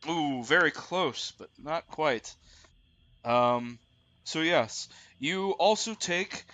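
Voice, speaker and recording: A man narrating as game master of a tabletop role-playing game, relaxed and thinking aloud as he goes. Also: on the high side, slow pace.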